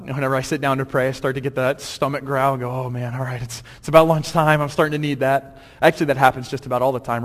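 A man preaches a sermon with humor and energy, acting out the scripture as he goes. His voice is fairly high. It rings with a long reverb through a hall. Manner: humorous, acts out quotes, animated.

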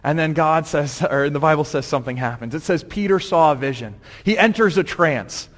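A man preaches a sermon with humor and energy, acting out the scripture as he goes. His voice is fairly high. It rings with a long reverb through a hall. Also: moderate pace. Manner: humorous, acts out quotes, animated.

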